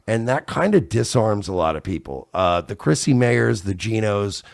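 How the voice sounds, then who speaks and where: A man chatting casually as a podcast guest, animated and fond of acting out other people. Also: on the low side, normal speed, vocal fry, no room sound. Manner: animated, acts out others in loud voices. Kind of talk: casual chat.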